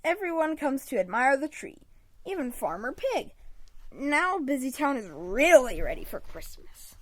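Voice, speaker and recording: This high-voiced woman reads a picture book for children at a measured pace, sitting near her home mic and giving the story an expressive read-aloud delivery.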